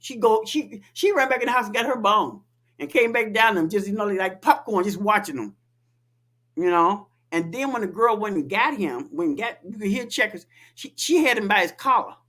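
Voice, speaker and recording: A woman co-hosting a casual podcast, telling a story in a lively, profane, laughing way. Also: mid-range voice, moderate pace. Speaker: podcast co-host.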